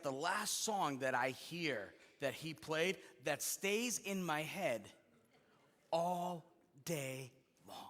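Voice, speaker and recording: A man's voice: fairly high pitch, fairly bright tone. A male pastor preaching a sermon in a conversational, joking manner, with fillers and restarts. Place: church sanctuary. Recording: long reverb in a church hall.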